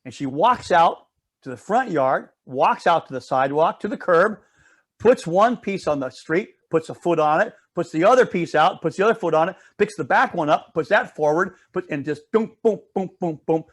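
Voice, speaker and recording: A man's voice: a little high, expressive, moderate pace. A man leading a Bible study, teaching casually through a story and checking in with listeners often.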